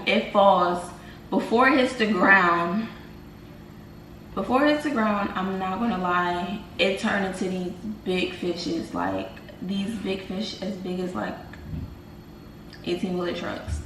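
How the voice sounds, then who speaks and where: A young woman vlogger casually telling viewers about a dream, animated and slangy, talking to them as y'all. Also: medium pitch, measured pace, slight background noise. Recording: roomy, from a distance, faint ambience.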